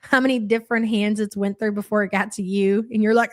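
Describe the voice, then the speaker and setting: A woman's voice: mid-range voice, brisk, darkish tone. A young adult woman giving casual live-stream reaction commentary, blunt and sarcastic, swearing freely and thanking viewers.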